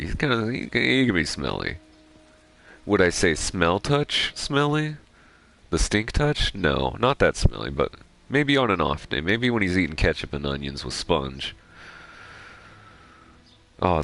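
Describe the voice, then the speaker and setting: A young man with a remarkably deep voice full of gravelly fry. He rambles through gameplay commentary, drifting into jokes and casual swearing. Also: a bit bright. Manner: digressive, joking, profane. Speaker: gaming streamer.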